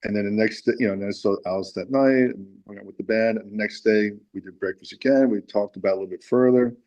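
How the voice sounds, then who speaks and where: A man's voice: fairly low pitch, steady tone, quick pace, darkish tone, lo-fi sound. A man being interviewed about his music, telling a long, rambling anecdote with many restarts. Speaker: musician guest. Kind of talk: casual interview storytelling.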